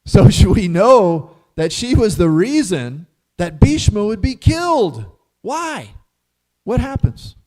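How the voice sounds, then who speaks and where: Guy teaching a scripture class, kinda high voice, tells stories with lots of questions and little laughs. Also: slow. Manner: animated storyteller, rhetorical questions, chuckles often. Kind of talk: casual scripture class talk.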